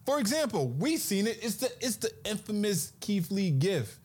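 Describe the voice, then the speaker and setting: Man, fairly high voice, casual chat, conversational, easy laugh. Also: very animated, moderate pace, darkish tone, breathy edge.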